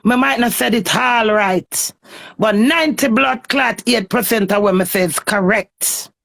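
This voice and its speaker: A woman's voice: a little high, measured pace, gravelly, fairly bright tone. A Jamaican woman in a heated, cursing, confrontational rant on a phone live stream.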